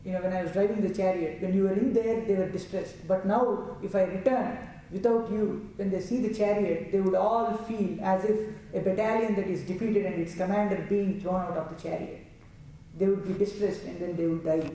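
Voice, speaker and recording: A man's voice: sits high, steady tone, normal speed, mellow, slight background noise. A man voicing a devoted male charioteer who earnestly pleads with his lord, recorded from a distance in an echoey room. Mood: pleading.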